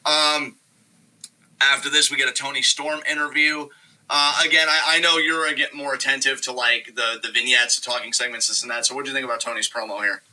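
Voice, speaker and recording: A man co-hosting a show in relaxed, chatty talk with many fillers. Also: mid-range voice, brisk, poor audio. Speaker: podcast co-host. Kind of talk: casual chat.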